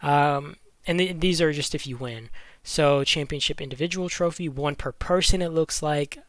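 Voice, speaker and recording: A man's voice: on the high side, moderate pace, fairly bright tone, no echo. A man talking casually about a mobile game event, thinking aloud as he goes, often stumbling over his words. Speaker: gaming YouTuber.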